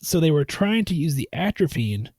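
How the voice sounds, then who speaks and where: A man's voice: a little high, big pitch swings, moderate pace, a little mellow, husky, no room sound. A man co-hosting a podcast, discussing a movie in casual chat with a dry, matter-of-fact manner and steering the talk. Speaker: podcast co-host.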